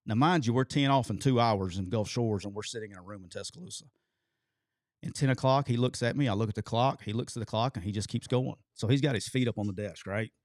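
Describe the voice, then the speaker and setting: A man, co-hosting a show and telling a long story in an animated way, swearing casually. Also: lowish voice, fast talker, no echo, studio quality. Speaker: co-host telling a coaching story.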